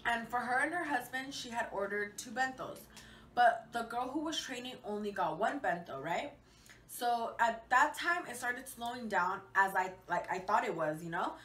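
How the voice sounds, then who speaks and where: A woman's voice: fairly high pitch, animated, moderate pace, a bit bright. A young woman telling a casual storytime vlog, chatty, swearing freely and full of fillers. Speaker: vlogger. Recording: echoey room, mic at a distance, faint hiss.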